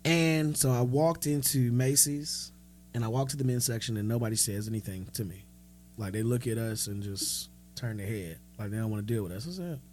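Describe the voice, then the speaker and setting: A man's voice: medium pitch, brisk, faint music behind. A man in his thirties co-hosting a podcast, telling stories in casual chat and acting out the dialogue he quotes, frank and profane. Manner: animated storyteller who acts out quoted dialogue. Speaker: podcast co-host.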